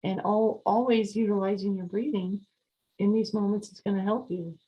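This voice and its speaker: A woman hosting a podcast, talking calmly and repetitively as she coaches listeners on slowing down and mindfulness. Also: medium pitch, highs cut off, a little hiss or hum. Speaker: podcast host. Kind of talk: calm podcast talk on sleep and mindfulness.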